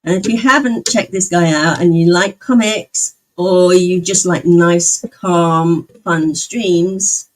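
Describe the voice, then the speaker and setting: A woman's voice: lowish voice, slow pace, low-quality recording. A young woman streamer in casual chat, talking with her viewers and answering their comments as she goes. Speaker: livestreamer.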